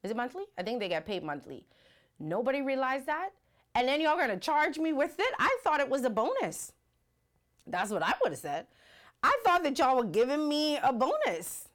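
A woman's voice: high voice, moderate pace. A woman hosting a casual livestream, talking animatedly and reading out viewer comments. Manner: animated, rhetorical, reads viewer comments aloud. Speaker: livestream host. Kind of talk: casual live-stream commentary.

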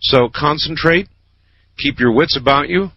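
A man's voice: fairly high pitch, a little slow, dull audio, a little hiss or hum. A man hosting a late-night call-in radio show, chatting easily with callers. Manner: relaxed, chatty, lively phrasing. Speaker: radio talk show host.

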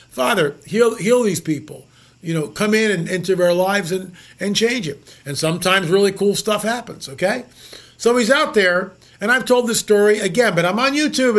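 A man's voice: high voice, fairly bright tone. A man hosting a show, telling stories in an emphatic monologue full of repeated words and rhetorical questions. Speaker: show host. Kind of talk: storytelling monologue.

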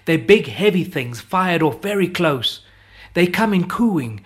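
A man's voice: sits high, animated, measured pace, breathy edge, voice pushed up, exaggerated voice. A man doing a chatty trench soldier. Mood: yarning. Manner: folksy, dropped verbs.

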